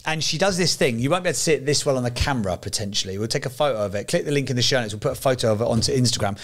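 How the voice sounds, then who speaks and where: A man from England co-hosts a podcast and talks at a rapid clip. He rambles from point to point in relaxed chat, swearing freely, at a mid-range pitch. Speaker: podcast co-host. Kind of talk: casual chat.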